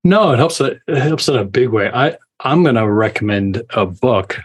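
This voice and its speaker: A man's voice: medium pitch, lively intonation, moderate pace, husky. A man hosting a podcast interview, asking questions conversationally with repeated starts. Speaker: podcast host. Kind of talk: casual interview.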